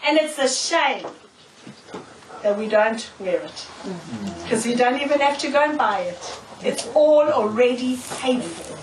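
A woman preacher giving a sermon, telling stories in an animated way, often laughing and checking in with "okay?". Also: on the high side, unhurried, a little hiss or hum. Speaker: preacher, prophetess. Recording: echoey room, mic far off.

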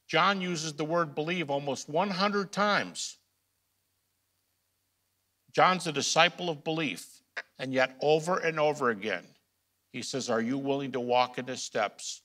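A man lecturing to a class in a bright, forceful voice. He drives points home by repeating key phrases and asking the room questions. He drops low for asides, then punches the big lines loudly. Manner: swings between quiet asides and loud emphasis. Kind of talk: recorded lecture.

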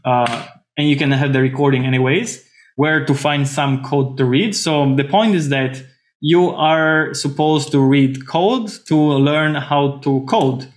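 Playful guy lecturing, kinda high voice, lots of "right?" and "no?", echoey room. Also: unhurried. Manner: animated, playful, jokey with put-on Italian phrases; frequent restarts and tag questions. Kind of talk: university lecture.

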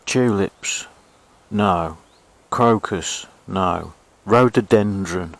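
A man's voice: low voice, very slow, creaky, rough recording. Grumbling Englishman riding an e-bike. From England. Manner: chatty, grumbling, self-mocking. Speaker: vlogger. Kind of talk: casual running commentary while riding. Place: outdoors on an old railway path.

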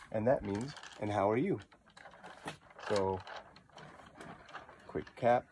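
A man teaching pronunciation in an unhurried, patient way, saying each word again and again. His voice is low and mellow. A faint hiss of noise sits under the recording. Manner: slow, patient, repeats words to model pronunciation. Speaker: language teacher. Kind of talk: pronunciation lesson.

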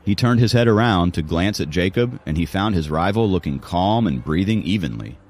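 A man's voice: low-pitched, lively intonation, moderate pace, a little mellow. A man narrating an audiobook in a dramatic storytelling manner. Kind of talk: scripted narration.

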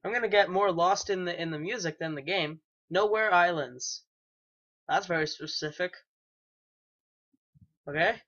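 Pausing often at a measured pace, a young man who may be a teenager narrates a casual let's play in a high, fairly bright voice. As a gaming YouTuber he rambles, hesitating with frequent ums and restarts, and his dull lo-fi home mic colors the sound.

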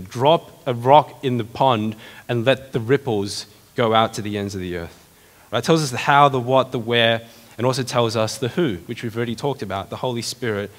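A male pastor delivers a sermon with a middle-pitched voice and keeps it lively and conversational, tossing rhetorical questions at the congregation. His words ring out with a long reverb from the church hall around him.

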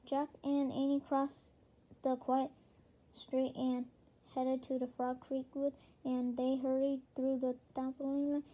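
Woman, storybook reading, high pitch, flat delivery, halting with restarts. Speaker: reader. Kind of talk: reading a children's chapter book aloud.

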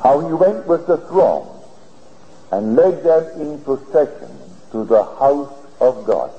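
A man giving a spiritual lecture, telling his story in an earnest, deliberate way, heard on an old archival tape. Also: a little high, sing-song. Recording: old archival lecture tape, dull and hissy, in a reverberant hall.

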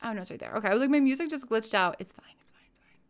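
A woman streamer chats casually during a live game stream, giggling a lot and greeting viewers by name. Her voice is on the high side, with lively intonation and a rapid-fire delivery.

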